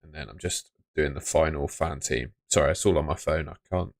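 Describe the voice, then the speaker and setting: A man's voice: rumbling low, a little fast, gravelly, no echo, studio quality. A young man hosting a live stream, chatting casually and muttering to himself as he sorts things out on his phone. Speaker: livestream host.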